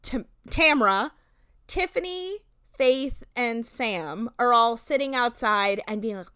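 A woman's voice: a little high, expressive, slow pace, sharp tone, smooth, no echo, studio quality. A young woman co-hosting a casual podcast, recapping a reality show with lots of fillers and voiced-out quotes. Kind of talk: casual chat.

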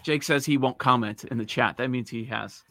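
A man's voice: medium pitch, normal speed, fairly bright tone, faint music behind. A man hosting a sports betting podcast, upbeat and full of questions, laughing with his co-hosts. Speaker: podcast host. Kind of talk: casual sports betting chat.

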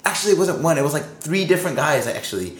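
A man's voice: a little high, lively intonation, fast talker, reverberant. A man in a band, telling a rambling tour story in casual chat, swearing a lot and acting out what people said. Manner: rambling storyteller, heavy swearing, acts out quotes.

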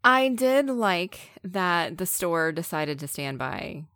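A woman's voice: lowish voice, big pitch swings, slow, fairly bright tone, no echo, clean studio sound. A woman co-hosting a podcast, chatting casually about a film in a wry, understated way. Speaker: podcast co-host. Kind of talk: casual film review chat.

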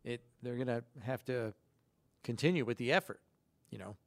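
A man's voice: medium pitch, normal speed, vocal fry, dry recording. A man co-hosting a sports radio show, reading news items and cracking wry jokes in casual chat. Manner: wry, joking asides.

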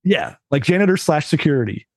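A man's voice: fairly high pitch, sing-song, fairly quick, breathy edge, dry recording. A man co-hosting a podcast, chatting casually and rambling with many fillers. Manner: rambling, heavy use of "like" and "uh". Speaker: podcast co-host. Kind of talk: casual chat.

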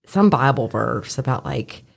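A woman, a former labor and delivery nurse, telling stories in casual chat, profane and animated, acting out other people's voices and laughing often. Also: extremely low pitch, measured pace, gravelly, breathy edge.

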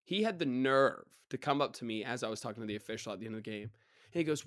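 Hoarse young man rambling on a podcast. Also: medium pitch, fast, no echo, studio quality. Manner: animated storytelling, mocks people in quoted voices, rambling. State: hoarse, voice partly gone. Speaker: podcast host. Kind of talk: casual solo podcast monologue.

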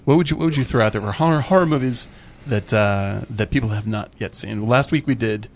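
A man's voice: medium pitch, brisk. A man hosting a podcast, chatting casually and enthusiastically with frequent laughs. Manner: enthusiastic, laughs often, many restarts. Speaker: podcast host. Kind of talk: casual chat.

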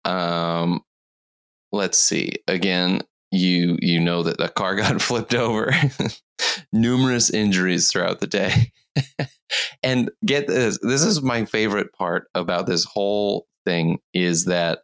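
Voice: sits low, slow pace. A tired podcast host telling a news story in casual chat, rambling and giggling often. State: tired from lack of sleep.

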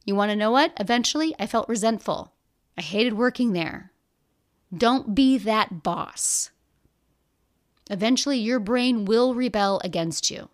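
A woman's voice: a little high, expressive, unhurried. A woman hosting a coaching podcast, talking straight to listeners in an upbeat, emphatic motivational way. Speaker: podcast host and business coach.

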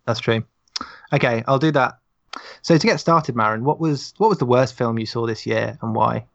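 A man's voice: mid-range voice, moderate pace, creaky, a bit bright, lo-fi sound. A man hosting a politics podcast in a loose, joking way. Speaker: podcast host. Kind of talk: casual panel chat.

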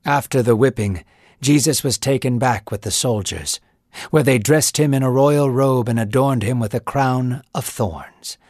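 A man's voice: mid-range voice, unhurried, darkish tone, dry recording. A man narrating a dramatized scripture story in a solemn, intense manner, building emphasis. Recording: music bed behind voice.

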